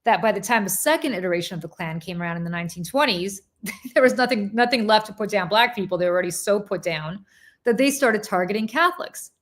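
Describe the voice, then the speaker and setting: A woman's voice: medium pitch, fast talker. A woman hosting a casual chat, telling a long story with laughter and acted-out quotes. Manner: animated, laughing, acts out quoted voices. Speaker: podcast host.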